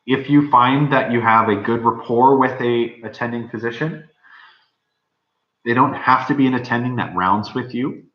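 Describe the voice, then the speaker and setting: A young man, a medical student, giving rambling, informal advice with many fillers. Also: normal speed. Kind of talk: casual advice talk. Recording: dull, roomy low-fi recording.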